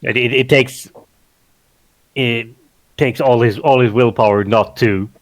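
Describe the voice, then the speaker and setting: A man's voice: medium pitch, steady tone, a little slow, no room sound. A man playing a tabletop role-playing game who narrates his character's actions, hesitant and full of restarts. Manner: hesitant, repeats words, says "like" a lot. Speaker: player.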